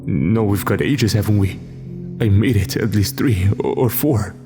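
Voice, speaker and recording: A man's voice: lowish voice, a little slow, over music. Man doing a slurring drunk soldier. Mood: uneasy. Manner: slurring, cheeky.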